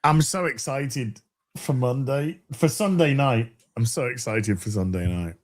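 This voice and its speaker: A man's voice: medium pitch, measured pace. A man hosting a casual podcast chat, rambling with restarts and chuckles. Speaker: podcast host.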